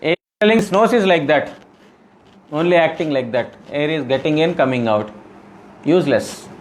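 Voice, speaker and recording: A man's voice: on the high side, lively intonation, moderate pace, a little hiss or hum, poor audio. Man explaining scripture, quizzing listeners. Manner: repeats and rephrases for emphasis. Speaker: spiritual teacher. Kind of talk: scripture class.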